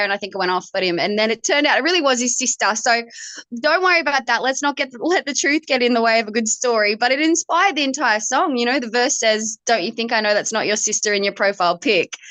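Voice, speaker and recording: Bright animated Australian woman singer. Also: on the high side, no room sound. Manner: animated storyteller, acts out quoted voices. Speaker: country-pop singer guest. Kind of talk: casual interview chat.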